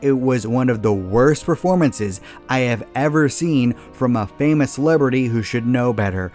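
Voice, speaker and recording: A man with a voice of ordinary, middle pitch narrates a comedic movie review. His delivery is dry, sarcastic and exasperated. Faint music plays beneath his voice. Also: moderate pace, a little mellow.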